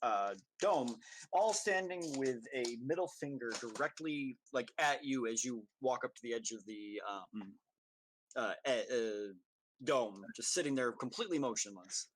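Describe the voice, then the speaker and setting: Halting man running a tabletop game. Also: mid-range voice, animated. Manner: halting, many ums and uhs. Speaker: game master.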